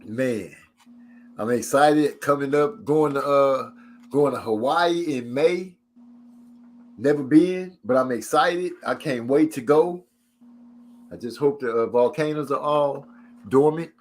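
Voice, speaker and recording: A man's voice: slow pace, long pauses, slight background noise. A middle-aged man telling funny stories in casual chat, his voice jumping up when he quotes people. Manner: animated storyteller, jumps high for quoted voices.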